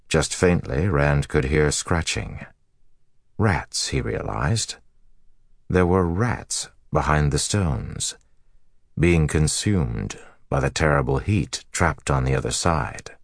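Very deep, gravelly male narrator. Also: no room sound, studio quality. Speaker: audiobook narrator. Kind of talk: scripted fantasy narration.

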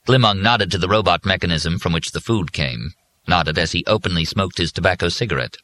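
A man narrating an audiobook in an even, measured storytelling manner. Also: low-pitched. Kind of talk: scripted narration.

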